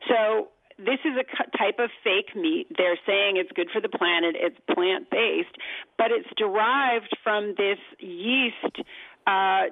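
A woman's voice: mid-range voice, slow pace, dry recording. Emphatic woman on a tinny phone line. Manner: emphatic, explanatory. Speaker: talk show guest.

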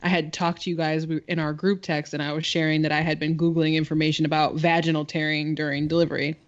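A woman co-hosting a podcast, telling stories in casual chat with lots of swearing and climbing pitch when she gets indignant. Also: flat delivery, quick pace, lo-fi sound. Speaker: podcast co-host.

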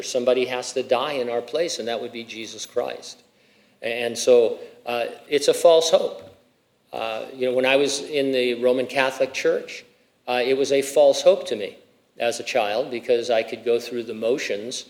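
A middle-aged man preaching a sermon as pastor, talking casually with asides and rhetorical questions, and lifting his voice when he reads scripture. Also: mid-range voice. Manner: reads scripture with rising emphasis. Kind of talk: expository sermon.

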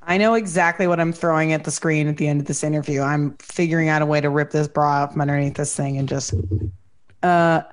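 A woman's voice: low voice, steady tone, fairly quick. A woman with a Midwestern accent hosts a casual trivia chat, playful and loose, swearing freely. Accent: Midwestern American. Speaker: host asking trivia.

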